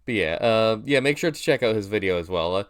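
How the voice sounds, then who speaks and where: A man's voice: on the low side, expressive, fast, clear, resonant tone. Nasal young man rambling casually. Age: young adult. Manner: rambling, self-deprecating, many fillers and restarts. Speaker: YouTuber reacting to his old video. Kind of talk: casual reaction commentary.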